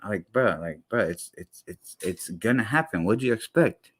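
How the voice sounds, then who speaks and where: A man's voice: on the low side, animated, normal speed, slightly rough. A young man ranting in a heated, blunt way with heavy slang, reacting to a clip as a streamer. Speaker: commentary streamer. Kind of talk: profane reaction rant.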